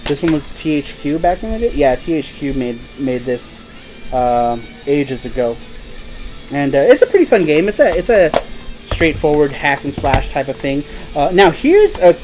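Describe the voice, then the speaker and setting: A man's voice: on the high side, sing-song, normal speed, over music, rough recording. A man hosting a casual live stream, chatting in a rambling, laid-back way and laughing easily. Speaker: host.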